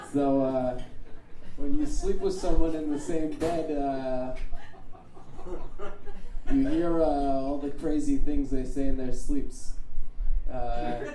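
A male comedian performing stand-up, talking slowly in a halting deadpan way with many fillers. His voice sounds roomy and distant from the mic. A faint ambience hangs behind him. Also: medium pitch, a little hiss or hum.

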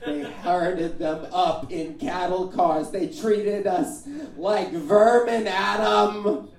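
A comedian puts on a solemn older mother who draws every word out slowly and weightily. She leans on each phrase to pile on guilt. The voice sounds roomy and far off. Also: sits high, pitched above the performer's own voice. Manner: slow, heavy, emphatic. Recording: roomy, distant, faint ambience.

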